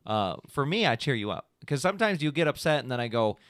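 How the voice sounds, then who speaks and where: A man's voice: medium pitch, sing-song, quick pace, a bit bright, no echo, clean studio sound. A man hosting a podcast, chatting casually and rambling a little, with plenty of "like"s and "you know"s, on a podcast microphone. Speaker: podcast host. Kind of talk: casual chat.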